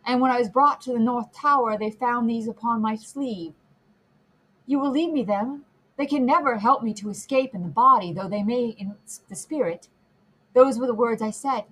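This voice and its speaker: A woman voicing a dazed old prisoner, halting. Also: on the high side, fairly bright tone, low-quality recording. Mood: wondering. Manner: halting, wondering, broken speech. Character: frail old male prisoner, dazed and grieving. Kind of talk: audiobook character reading.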